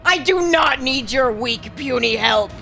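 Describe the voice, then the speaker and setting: A swaggering centipede-crab monster spirit, played by a woman, sneering at everyone it meets. The voice sits high and gravelly with a sharp, bright edge. It is in a tabletop role-play. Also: lively intonation, a little slow, faint music behind, heavily acted. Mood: scornful. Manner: arrogant, scornful, shouting.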